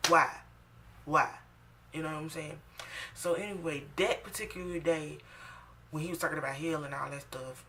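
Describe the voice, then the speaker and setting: A woman telling a personal story for her vlog, animated and emphatic, swinging between loud outbursts and hushed asides. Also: low-pitched, far from the mic, slight background noise. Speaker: vlogger.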